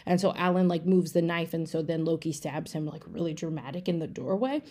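A woman giving a rapid, casual, run-on plot recap for a podcast, peppered with profanity. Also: low voice, warm tone. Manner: breathless run-on storytelling, profane. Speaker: podcast segment presenter.

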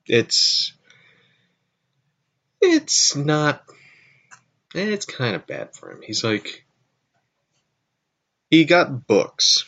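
A man's voice: a little high, wildly swooping pitch, drawn-out words, gravelly, pauses often, fairly bright tone. A man hosting his own show, telling a rambling story in a casual way and correcting himself as he goes. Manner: rambling, self-correcting, frequent asides. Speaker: show host.

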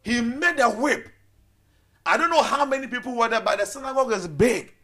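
A man preaching a sermon with passion, swinging between loud declarations and hushed low asides. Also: animated, brisk.

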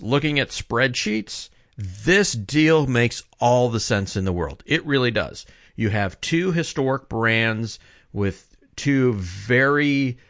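A man's voice: medium pitch, fairly bright tone, no echo, studio quality. A man giving a casual opinion monologue, rambling and often correcting himself as he talks. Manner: rambling, self-correcting, conversational. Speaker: commentator.

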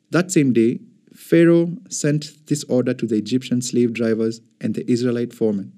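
A man narrating an audio Bible in an even, measured scripted reading. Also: mid-range voice. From Kenya.

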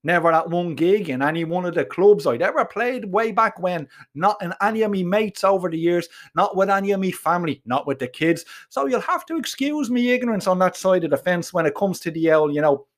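A man with a thick Dublin Irish accent tells his story in first person, earthy and full of swearing and local slang. His voice sits a little on the high side for a man. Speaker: narrator. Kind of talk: first-person audiobook narration.

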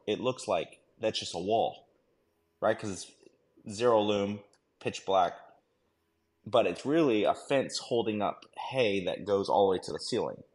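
A man, a former army dog handler, telling a war story on a podcast in a casual, slangy way full of fillers and "right?". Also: on the low side. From United States.

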